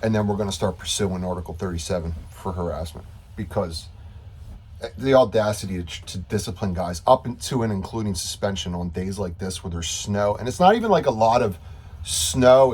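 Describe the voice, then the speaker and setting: A man's voice: lowish voice, steady tone, brisk, darkish tone, slightly rough. A man giving a casual video update to coworkers as their union steward, frustrated and rambling, repeating himself.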